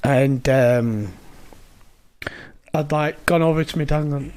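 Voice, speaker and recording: A young man, co-hosting a podcast and telling sweary, animated stories in casual chat. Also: on the high side, slow pace. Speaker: podcast co-host.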